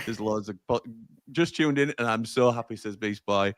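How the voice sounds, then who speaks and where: A chatty man with a Sheffield accent hosts a live fan watch-along, reading out viewer comments and laughing often. His voice sits at an ordinary middle pitch. It is recorded dry and close to the mic. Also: moderate pace, no room sound.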